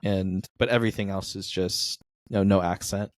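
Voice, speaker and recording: A man's voice: low-pitched, fairly even intonation, normal speed, no room sound. A man co-hosting a film review podcast, telling chatty, self-deprecating stories. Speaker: podcast co-host. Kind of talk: casual film review chat.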